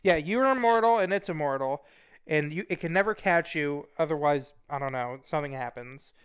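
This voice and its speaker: Male talk show host, slightly high and smooth-voiced, teasing, playfully rude. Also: expressive, moderate pace. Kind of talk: casual interview in VR.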